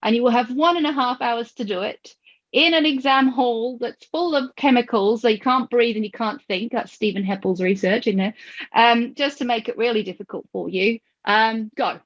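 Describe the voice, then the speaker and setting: A woman hosting a podcast, telling stories with lively acted-out quotes and frequent laughter. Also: a little high, moderate pace. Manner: animated storyteller who acts out quoted voices and laughs often. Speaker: podcast host. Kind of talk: conversational podcast discussion. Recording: dull lo-fi audio.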